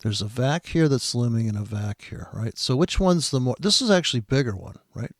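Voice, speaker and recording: A man's voice: medium pitch, animated, fairly quick, no room sound, clean studio sound. A man giving profane, sarcastic commentary on a trading video, sounding exasperated and swearing often.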